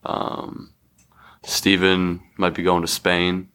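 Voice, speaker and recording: A man's voice: low-pitched, monotone, slow pace, fairly bright tone, clear, resonant tone. A young man in his twenties, the host's younger brother, giving short, laconic answers in casual chat.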